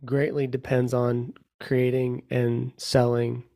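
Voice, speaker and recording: A man hosting a casual podcast chat, halting and searching for his words. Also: mid-range voice, completely flat delivery, creaky, dark tone, no room sound, studio quality. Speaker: podcast host, painter.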